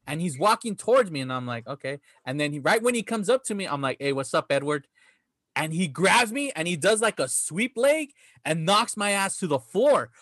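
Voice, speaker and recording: A man's voice: high voice, sing-song, moderate pace, a bit bright, no room sound, clean studio sound. A man hosting a podcast, telling stories in casual chat, laughing often and swearing freely. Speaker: podcast host.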